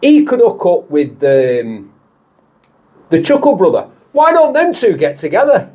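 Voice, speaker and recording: With big swings in pitch, a high voice and a warm tone, this car show host from Lancashire jokes and rambles his way through casual banter in a moving car, always ready to laugh.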